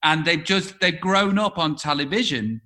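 On-man, podcast co-host, hesitant, dry wit, slightly high bright voice. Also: lively intonation, normal speed. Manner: rambling, hesitant, dry humor. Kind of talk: casual chat.

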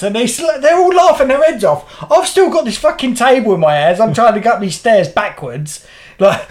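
A man's voice: high-pitched, big pitch swings, brisk. A middle-aged man, co-hosting a casual podcast chat and rambling through anecdotes while swearing freely. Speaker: podcast co-host.

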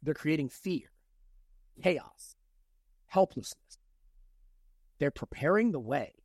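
A man co-hosting a podcast, casually recapping a novel's plot and reading quoted lines aloud with lively emphasis. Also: on the high side, slow pace, no echo, studio quality. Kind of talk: casual book-recap chat.

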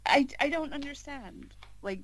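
A woman co-hosting a casual football podcast, playful and teasing with quick jokes. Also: sits high, expressive, rough recording. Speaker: podcast co-host.

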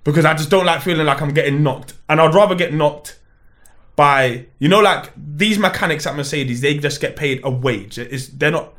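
A man, co-hosting a podcast and telling stories in animated casual chat, acting out other people's lines. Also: on the high side, moderate pace. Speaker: podcast co-host.

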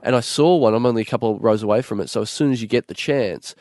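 Rambling podcast host. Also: male voice, mid-range voice, fast talker, a little mellow, no room sound, clean studio sound. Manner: rambling, stumbling restarts while telling stories. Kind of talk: casual podcast chat.

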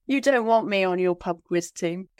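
A middle-aged woman co-hosting a podcast in casual chat, playful and quick to poke fun at herself. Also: medium pitch, smooth, dry recording, studio quality. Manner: playful and self-deprecating. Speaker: podcast co-host.

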